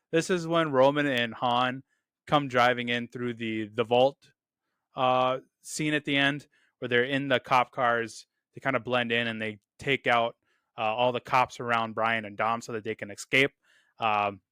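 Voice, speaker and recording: Bright, clear-voiced male film reviewer. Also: medium pitch, no echo, studio quality. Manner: enthusiastic, repeats "really, really"; quotes lines in a loose put-on delivery. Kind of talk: casual movie review talk.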